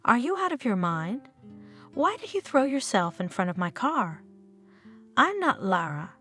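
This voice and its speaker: A woman's voice: a little high, big pitch swings, unhurried, bright, forceful tone, husky, soft background music, heavily acted. A woman reading the lines of an irritable, short-tempered foreign woman tourist in a storybook narration. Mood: irritated.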